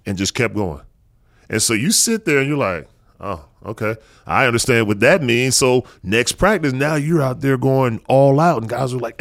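A man's voice: mid-range voice, dry recording, studio quality. A man hosting a casual interview, chatty and agreeable, sharing his own stories as a football parent. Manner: chatty, agreeable, quick back-channels. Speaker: podcast host, football parent.

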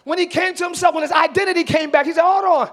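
A man pastor preaching a sermon in a church, swinging between hushed asides and shouted, animated exhortation. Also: very high voice, racing. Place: church sanctuary.

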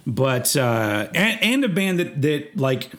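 A man's voice: a little high, very animated, slow pace, fairly bright tone. A man hosting a casual music podcast, rambling with lots of fillers and casual swearing. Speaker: podcast host.

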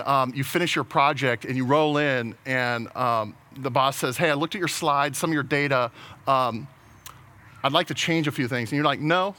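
Bright-voiced man preaching conversationally. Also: on the high side. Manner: conversational, stammering restarts, laughs at own jokes. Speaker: pastor. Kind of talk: sermon.

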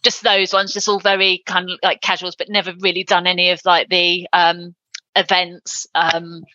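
A woman's voice: fairly low pitch, little pitch movement, moderate pace, bright, forceful tone, no echo, dull audio. A middle-aged woman chatting casually as a podcast guest, with lots of ums and easy laughs. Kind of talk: casual interview chat.

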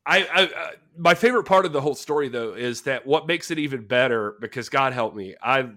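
A man with a bright, forward voice shares film history on a casual podcast. He tells it animatedly, with loose fillers. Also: mid-range voice, fairly quick. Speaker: podcast co-host.

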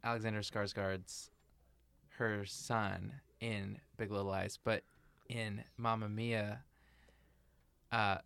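A man's voice: fairly low pitch, level tone, slow, vocal fry, pauses often, fairly bright tone, smooth, no room sound. A young adult man co-hosting a podcast, talking about films with wry, joking asides. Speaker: podcast co-host. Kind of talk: casual film-review chat.

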